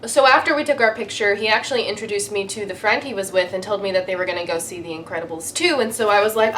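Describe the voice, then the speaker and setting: A young woman telling a casual storytime, excitable and animated, with lots of fillers. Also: mid-range voice, fast talker, few pauses, far from the mic, a little hiss or hum.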